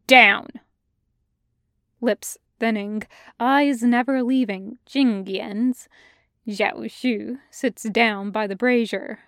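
Slow, measured woman narrating fiction. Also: a little high, no room sound, studio quality. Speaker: fan audiobook reader.

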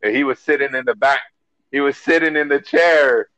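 A man with a Miami accent, co-hosting a casual podcast and telling stories in a profane, animated way full of fillers. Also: medium pitch, normal speed, dry recording, poor audio. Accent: Miami English. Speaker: podcast co-host.

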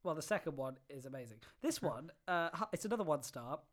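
A woman's voice: deep voice, animated, fast talker. A woman co-hosting a comedy podcast, giggly and teasing in casual chat. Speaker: podcast co-host.

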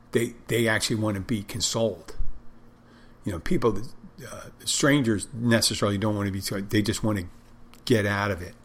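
A man's voice: lowish voice, slightly rough. A man who works as a restaurant server and bartender, talking casually about how he deals with customers and acting out how he greets them. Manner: conversational, acts out his own greetings to customers. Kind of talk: casual storytelling monologue.

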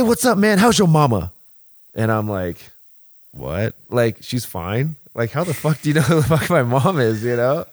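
A man in his thirties on a podcast, casually telling long stories, swearing freely and acting out what other people said. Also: lowish voice. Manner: animated, profane storytelling, acts out other people's lines. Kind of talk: casual chat.

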